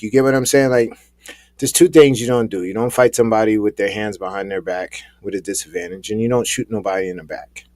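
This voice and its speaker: A man co-hosting a talk show, speaking in a measured, emphatic way. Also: on the low side, warm tone, no room sound. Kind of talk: casual commentary chat.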